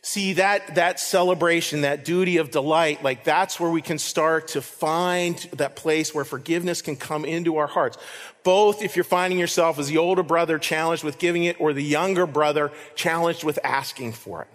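A man's voice: fairly high pitch, steady tone, moderate pace. A man preaching a sermon as pastor, earnest, repeating key lines for emphasis. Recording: reverberant hall.

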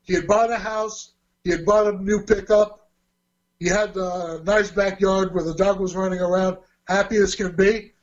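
A man's voice: high-pitched, normal speed. A man casually telling a long personal story, acting out the quoted dialogue as he goes. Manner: animated, acts out quoted dialogue. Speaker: guest telling a life story. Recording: dull lo-fi audio.

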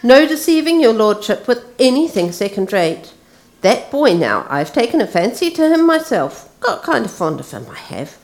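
A woman's voice: fairly high pitch, big pitch swings, moderate pace, few pauses, pitched above the performer's own voice. A woman voicing a fawning, grovelling male slave trader from a storybook, in a sing-song wheedling manner.

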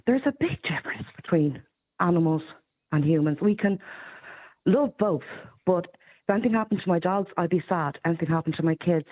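An Irish woman giving blunt, opinionated views in casual radio chat, quick to laugh. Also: low-pitched, narrow, tinny audio. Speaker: radio panelist.

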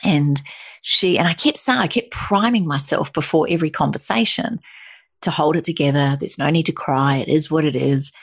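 A middle-aged woman recounting a personal story with a low, gravelly voice. Her tone is husky, and she tells it with feeling, stumbling and restarting as she goes. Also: moderate pace. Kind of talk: personal anecdote in conversation.

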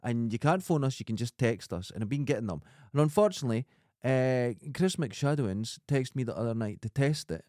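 A man's voice: mid-range voice, expressive, fairly quick, hardly any pauses, a little mellow, no room sound. Chatty Scottish man, dry close sound. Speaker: podcast co-host. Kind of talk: casual chat.

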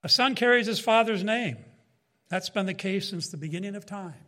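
High-voiced man giving an emphatic Bible teaching. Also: moderate pace, pushed and bright. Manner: emphatic, rising and falling delivery with asides to listeners. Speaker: preacher. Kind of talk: sermon-style Bible teaching.

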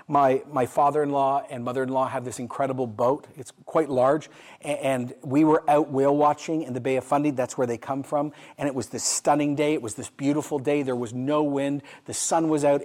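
A man's voice: mid-range voice, darkish tone. A middle-aged man preaching a sermon, asking his listeners questions and telling a story, building to emphatic peaks. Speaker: pastor.

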